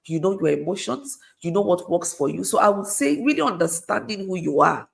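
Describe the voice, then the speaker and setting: Woman, middle-aged, slightly low pitch, earnest advice talk, repeats key phrases. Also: lively intonation, brisk, gravelly. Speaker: guest speaker.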